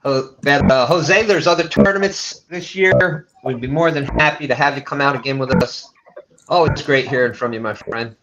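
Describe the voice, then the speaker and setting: A man's voice: medium pitch, normal speed. A man hosting a live fishing stream, casually chatting and reading viewer comments aloud. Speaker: livestream host. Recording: dull lo-fi stream audio with noise.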